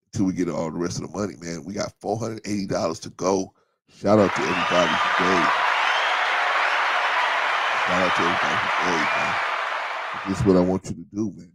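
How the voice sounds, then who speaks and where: A man's voice: deep voice, fairly even intonation, fairly quick, a loud crowd, heavy background noise. A middle-aged man hosting a casual livestream, telling stories in a laid-back way, repeating himself and reading out chat comments. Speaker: livestream host. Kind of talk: casual live-stream chat.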